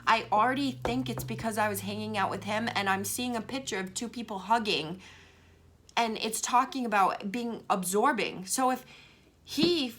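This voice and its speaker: A woman's voice: a little high, moderate pace, a bit bright. A young woman with a Boston accent, a tarot reader telling a personal story in a candid, rambling way, swearing freely and saying "like" often. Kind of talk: casual storytelling vlog.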